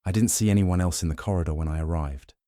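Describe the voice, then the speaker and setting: A man voicing a shaken, wary young noblewoman who answers in a hesitant, halting way in an audiobook. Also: low voice, warm tone, dry recording, studio quality, close to an everyday voice. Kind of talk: audiobook narration.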